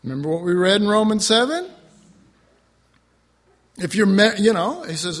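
A male pastor preaching a sermon in an animated, rhetorical way, with self-mocking asides. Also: high-pitched, normal speed, long pauses, long reverb tail.

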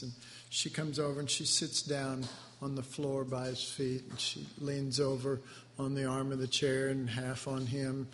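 A man giving devotional Bible teaching in a tender, halting, emotionally moved way. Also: medium pitch, a bit bright. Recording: echoey hall with faint background noise.

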